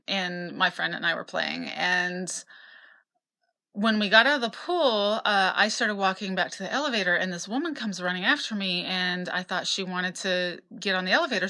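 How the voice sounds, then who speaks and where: A woman's voice: medium pitch, bright, forceful tone. A woman in her fifties from Utah tells her own life story casually, rambling a little with fillers and restarts. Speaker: memoir narrator.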